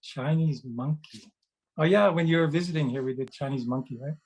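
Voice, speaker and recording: A man's voice: fairly high pitch, a little fast, darkish tone, poor audio. A middle-aged man on a video call, chatting casually to children and telling rambling anecdotes with lots of fillers and restarts. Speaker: children's book author and meditation host. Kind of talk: casual storytelling chat.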